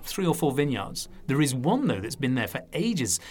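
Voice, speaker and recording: A man's voice: mid-range voice, moderate pace, a little hiss or hum. A man with a slightly northern English accent, a wine TV presenter telling anecdotes as a guest in a casual interview. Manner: lively anecdotal storyteller.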